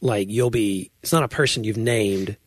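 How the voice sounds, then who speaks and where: A man's voice: fairly low pitch, normal speed, slightly rough, no echo, clean studio sound. A man from Tennessee with a Southern accent, co-hosting a casual podcast in a chatty, hedging way full of fillers. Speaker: podcast co-host. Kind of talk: casual chat.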